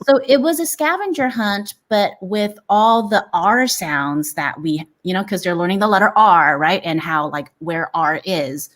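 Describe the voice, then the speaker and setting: Brief: lively woman educator, co-host, chatty classroom anecdotes. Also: mid-range voice, unhurried, few pauses. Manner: lively, animated storytelling with quoted kids. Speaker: teacher and co-host. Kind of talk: casual chat.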